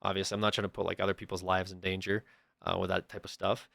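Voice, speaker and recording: A young man, a livestreamer, casually telling a story to his chat and acting out the people in it with sudden loud bursts. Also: deep voice, flat delivery, quick pace, vocal fry, no room sound, clean studio sound.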